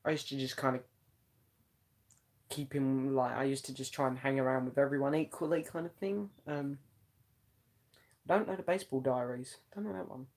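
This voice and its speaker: A man's voice: mid-range voice, moderate pace, pauses often, darkish tone. Rambling young man on a live stream. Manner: chatty and meandering, many ums. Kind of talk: casual live chat reading comments.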